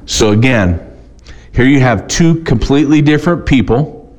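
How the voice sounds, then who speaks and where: A man preaching a sermon, reading scripture aloud slowly and then explaining it in plain, conversational talk with some restarts. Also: medium pitch, animated, darkish tone.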